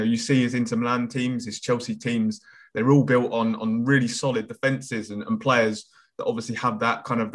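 Man, mid-pitched voice, calm and analytical on a sports podcast. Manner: measured, analytical, hedges with "for me". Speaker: podcast co-host. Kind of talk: casual football podcast chat.

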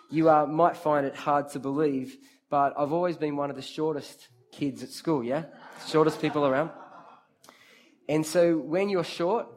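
A man giving an interactive sermon, speaking straight to his listeners, calling on them by name and repeating key phrases for emphasis. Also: fairly high pitch. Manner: lively, talks straight to the crowd, calls on listeners by name. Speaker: preacher leading a youth group.

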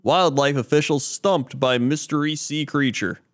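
This male co-host has a slightly high voice and a measured pace. Casual and full of laughter, he works through pretend sports and news bits for the podcast, tripping over words as he reads the items out.

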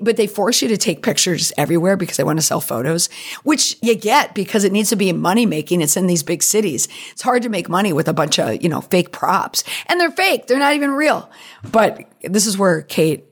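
A middle-aged woman hosting a podcast, telling stories in a chatty, digressive way, her voice slightly creaky. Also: on the low side, animated, fairly quick. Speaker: podcast host and PR professional. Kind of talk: casual monologue.

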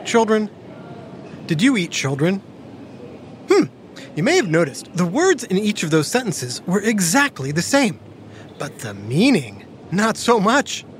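A woman hosting a playful kids' educational podcast, talking like an animated storyteller. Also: on the low side, a little hiss or hum. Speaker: host.

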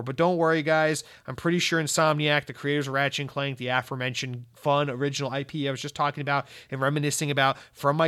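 A man's voice: on the high side, a bit bright. A man hosting a gaming news show, ranting in casual talk, swearing often and acting out both sides of imagined exchanges in a close, dry recording. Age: adult. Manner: profane, exasperated, acts out quoted exchanges.

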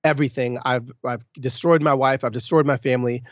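A man telling his story as a podcast guest, candid and emphatic, with quick restarts and sudden emphatic bursts. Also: mid-range voice, fairly even intonation, dry recording, lo-fi sound.

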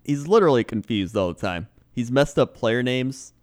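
A man's voice: medium pitch, animated, normal speed. A young man co-hosting a casual comedic chat, laughing often and mocking sports announcers. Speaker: podcast co-host.

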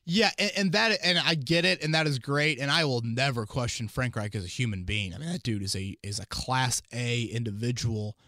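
A man hosting a casual sports podcast, talking in an animated, rambling way with many fillers and restarts. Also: medium pitch, normal speed, few pauses, dry recording, studio quality. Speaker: podcast host and team analyst.

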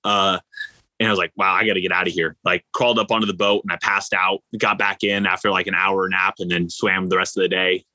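Casual, bright-voiced male athlete storyteller. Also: low-pitched, fast, dry recording, low-quality recording. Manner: animated, rambling, filler-heavy storytelling. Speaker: ultra-endurance athlete guest.

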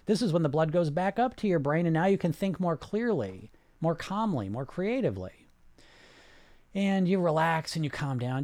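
A man coaching on weight loss in a casual live chat. He talks in a rambling, animated way with many restarts and "right?", then slows into calm relaxation cues. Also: on the high side, no echo.

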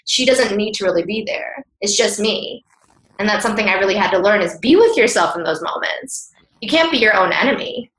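A woman's voice: medium pitch, lively intonation, fairly quick, a bit bright. Woman guest, earnest and open, talks in a casual, candid way; roomy echo on the voice. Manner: earnest and open, with frequent "like" fillers. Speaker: podcast guest. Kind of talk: candid conversational interview.

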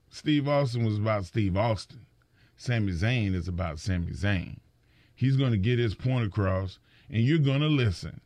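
A middle-aged man talking in a casual chat, his pitch rising and falling a lot as he acts out what others said. He often stumbles and repeats words at the start. The sound is close and dry, with no room echo. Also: moderate pace. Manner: animated storyteller, acts out quotes, repeats words. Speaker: wrestling podcast co-host.

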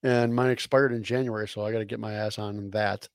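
Gravelly-voiced laid-back man. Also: lowish voice, steady tone, brisk, no echo, studio quality. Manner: laid-back, laughs along. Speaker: podcast co-host. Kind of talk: casual chat.

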